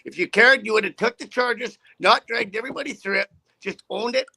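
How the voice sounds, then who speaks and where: Indignant trucker man, rambling and profane, high sharp gravelly delivery. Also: brisk. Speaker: trucker guest. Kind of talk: casual rant.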